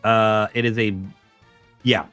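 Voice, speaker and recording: A man's voice: lowish voice, slow, clear, resonant tone, dry recording, soft background music. A man chatting casually and joking with profanity while streaming a game. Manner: joking, profane, lively banter. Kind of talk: casual gaming chat.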